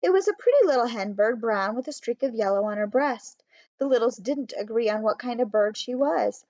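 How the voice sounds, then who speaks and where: A woman reading a children's storybook aloud in a steady, clear way. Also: fairly high pitch, brisk, dry recording. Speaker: audiobook reader. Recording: dry, slightly muffled.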